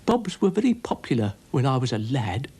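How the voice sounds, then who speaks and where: A man's voice: mid-range voice, sing-song, a little fast, dark tone, slightly rough. A British man voicing a kindly, fussy old man in a children's cartoon, with a quavering manner.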